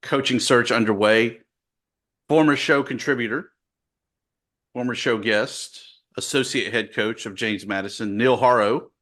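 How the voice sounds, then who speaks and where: A man's voice: medium pitch, measured pace, fairly bright tone. A man co-hosting a casual sports podcast, running through scores and news in a dry, matter-of-fact way. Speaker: podcast co-host.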